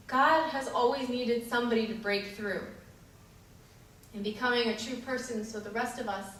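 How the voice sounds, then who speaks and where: Speaking from the pulpit of an echoey hall, this female preacher has a fairly high, slightly bright voice, captured on a distant mic over slight background noise. She delivers her sermon and story with earnest feeling, stumbling into fillers and restarts now and then.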